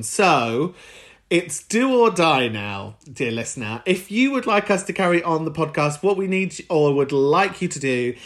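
A man hosting a podcast, chatty and camp with frequent giggles. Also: a little high. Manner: camp, giggly, warm-hearted asides. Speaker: podcast host.

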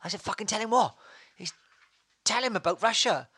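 A man telling crude stories in casual chat, swearing freely and animated. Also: sits high, fairly quick, husky. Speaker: guest storyteller.

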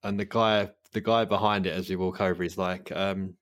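A man's voice: sits low, steady tone, normal speed, a bit bright, no echo. A man with a London accent hosting a podcast, telling a rambling story in a laid-back, sweary way. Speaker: podcast host. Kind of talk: casual chat.

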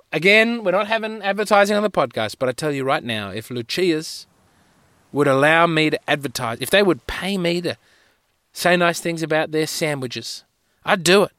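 A man's voice: mid-range voice, bright, forceful tone, no room sound. A man hosting a podcast, telling rambling, wry, self-mocking stories in a solo monologue on a close mic. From Australia. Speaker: podcast host.

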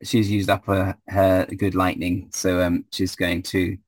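A man's voice: sits low, level tone, measured pace, no room sound. A man running a tabletop game as game master, hesitant with many fillers.

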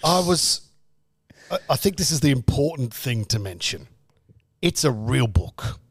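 Playful Australian man, very lively pitch. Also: a little slow, slightly rough. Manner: playful, self-mocking. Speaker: guest, breakfast radio host. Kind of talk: casual chat.

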